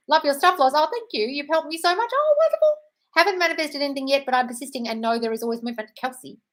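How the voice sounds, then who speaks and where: A woman's voice: on the high side, fairly bright tone, poor audio. Blunt, sweary woman hosting a live Q&A. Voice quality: blunt, sweary, fast-moving. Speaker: livestream host answering viewer questions. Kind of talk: casual live Q&A. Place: home, dog nearby.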